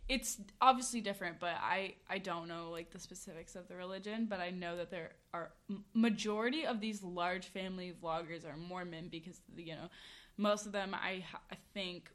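A woman's voice: lowish voice, normal speed, a bit bright. Young woman cohost, casual, hedging delivery. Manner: hedging, opinionated, filler-heavy. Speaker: podcast co-host. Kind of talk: casual chat.

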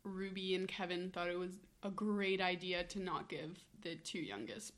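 A woman's voice: on the low side, moderate pace. A young woman co-hosting a casual chat podcast, telling stories with many fillers. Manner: chatty, many "like" fillers, animated storytelling. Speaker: podcast co-host.

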